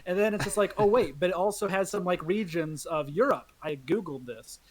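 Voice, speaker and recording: A man's voice: sits high, a little fast. A man co-hosting a podcast, recounting a game in rambling casual chat. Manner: rambling, self-interrupting recollection. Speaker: podcast co-host.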